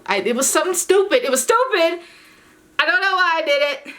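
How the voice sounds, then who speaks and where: A young woman tells a storytime to her camera at home, and her voice is bright and sharp. She is animated and exasperated, swearing freely as she acts out every line of dialogue herself. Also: medium pitch. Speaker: vlogger. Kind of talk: casual storytime chat.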